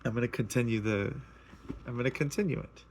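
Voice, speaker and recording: A man's voice: mid-range voice, brisk, a little hiss or hum. Rambling, earnest man telling his testimony. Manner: rambling, repeats himself, restarts often; earnest and emotional. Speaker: speaker sharing a personal testimony. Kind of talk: casual spoken personal testimony.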